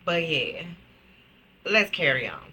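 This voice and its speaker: A woman hosting a reaction video, making casual comments in a slow, expressive, laughing way. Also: sits low, husky. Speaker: reaction channel host.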